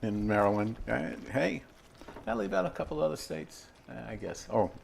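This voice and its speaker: Older New home cook, mid-range voice, rambly and chatty, kitchen demo. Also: male voice, medium pitch, very animated, moderate pace, vocal fry, a little hiss or hum. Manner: rambling, chatty, many fillers and asides. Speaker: home cooking host. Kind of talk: casual cooking demonstration.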